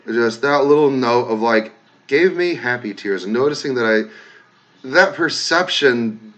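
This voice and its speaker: A man casually talking to his viewers, reading comments aloud, emotional and swearing freely, swinging from loud outbursts to soft, quiet thanks. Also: mid-range voice, moderate pace, muffled recording. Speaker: content creator reading comments.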